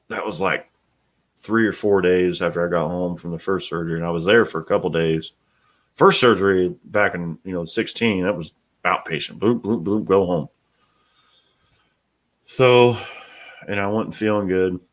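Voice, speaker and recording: A middle-aged man with a very deep voice talks casually to his live audience. He is blunt and plain-spoken, and he swears freely as he chats. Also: fairly bright tone. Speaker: host. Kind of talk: casual live-stream chat.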